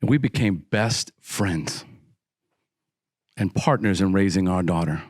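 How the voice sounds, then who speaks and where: A man's voice: measured pace, no room sound, clean studio sound. A middle-aged man telling his recovery story to an audience, acting out the voices of the people in it. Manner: dramatic storytelling, acts out dialogue with sharp pitch swings.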